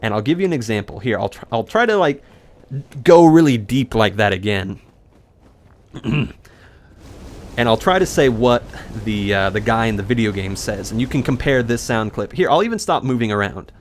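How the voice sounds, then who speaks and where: A man chats casually over his gameplay, rambling from one joke to the next. His intonation rises and falls a lot, and he talks in quick bursts. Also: medium pitch, animated. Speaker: gaming video host. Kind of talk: casual let's-play commentary.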